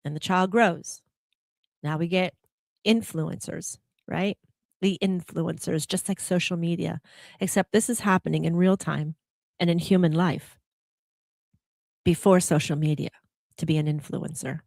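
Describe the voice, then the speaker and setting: A woman's voice: fairly low pitch, measured pace, vocal fry, long pauses, no room sound, clean studio sound. A woman hosting a reflective spiritual talk show, who often puts rhetorical questions to the listener. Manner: animated, laughing when telling about herself. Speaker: podcast host.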